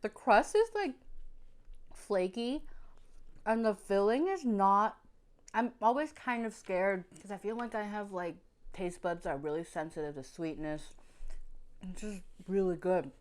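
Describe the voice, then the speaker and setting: A woman's voice: medium pitch, a little slow, long pauses. A young woman food vlogger, chatty and effusive, talking casually between bites and laughing often. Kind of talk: casual mukbang food review.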